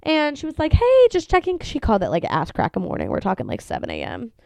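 A young woman hosts a casual solo podcast from home, her lowish voice fast and fried, with no echo. Sneezy from allergies, she tells a story animatedly, swearing some and acting out the voices of the people in it.

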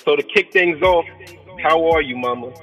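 A man hosting an interview in a relaxed, slangy way, often stumbling and repeating words. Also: a little high, normal speed, faint music behind. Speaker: interview host. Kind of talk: casual interview. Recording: dull, lo-fi sound.

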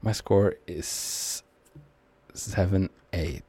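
A man's voice: deep voice, extremely slow, dark tone, breathy edge. A young man with a Norwegian accent giving casual, rambling, self-mocking commentary while he plays a shooter. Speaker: gamer commenting on his match.

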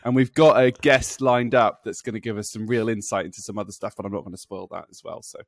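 A man's voice: lowish voice, steady tone, quick pace, no room sound, clean studio sound. A man co-hosting a podcast in casual chat, laughing often and tripping over his words. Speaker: podcast co-host.

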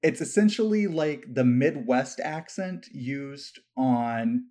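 A man's voice: mid-range voice, lively intonation, takes it slowly, dark tone. A man co-hosting a podcast in casual chat, explaining points at length with dry sarcasm. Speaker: podcast co-host.

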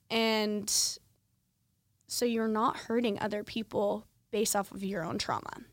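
A woman's voice: medium pitch, little pitch movement, normal speed, no room sound. Candid young woman, dry close mic. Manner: candid, conversational, many fillers like "like" and "um". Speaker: podcast host. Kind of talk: personal storytelling monologue.

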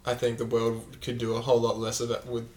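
A man co-hosting a podcast in casual chat, rambling and joking, with a loud fake laugh. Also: mid-range voice, monotone, fast, roomy sound, slight background noise. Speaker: podcast co-host.

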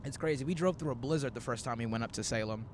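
A young man in his twenties chats loosely from inside a moving car. He tells stories in a rambling, animated way and slips into quoted asides, his pitch sitting in an ordinary middle range. A faint road rumble runs underneath. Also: quick pace. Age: 20s. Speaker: comedian hosting a road-trip podcast. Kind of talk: casual chat.

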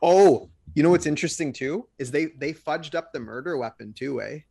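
A man's voice: fairly high pitch, moderate pace, vocal fry, a crowd in the background. A man in casual chat, rambling with restarts as he retells events. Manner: rambling, restarts, retells trial scenes with quoted lines.

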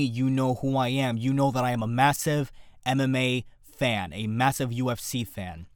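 Young male podcast host, lively and joking, dry close mic. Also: medium pitch, no echo. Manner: animated, jokey, talks fast in bursts. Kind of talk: casual solo podcast commentary.

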